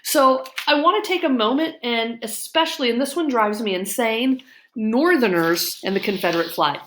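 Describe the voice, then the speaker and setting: A woman's voice: fairly high pitch, normal speed, a bit bright. A middle-aged woman from Illinois, a history teacher, giving a casual, opinionated lecture-style commentary with frequent ums and you-knows. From Illinois, USA.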